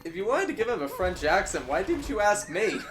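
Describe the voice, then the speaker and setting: A man's voice: high voice, big pitch swings, brisk, a bit bright, a little hiss or hum. A man co-commenting on a game with friends, playful and ready to argue a point.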